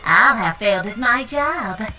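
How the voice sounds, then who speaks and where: A woman's voice: medium pitch, animated, a little slow. A woman voicing a pompous, furious monkey villain who calls himself the vice counselor and rants grandly. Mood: grandiose. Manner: grandiose, indignant, shouting.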